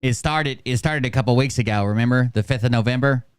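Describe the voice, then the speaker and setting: A man's voice: medium pitch, quick pace, clean tone. A man hosting a commentary channel, talking in a sarcastic, scornful way. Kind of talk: critical commentary.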